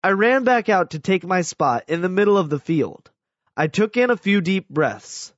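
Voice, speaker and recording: A man reading a first-person story aloud as scripted audiobook narration, telling it in an animated way. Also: high-pitched, normal speed, dry recording, lo-fi sound.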